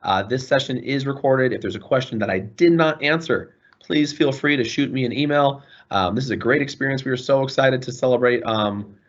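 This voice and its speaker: A man's voice: mid-range voice, brisk, few pauses, muffled recording. A man running an online information session for parents, earnest and apologetic as he answers questions. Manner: earnest, apologetic, warm toward students. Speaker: school administrator. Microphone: video call.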